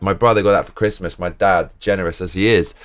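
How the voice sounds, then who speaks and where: A man's voice: deep voice, fairly even intonation, quick pace, clean tone, no room sound, faint music behind. A man streaming a game, talking casually to his chat while drunk, rambling and swearing.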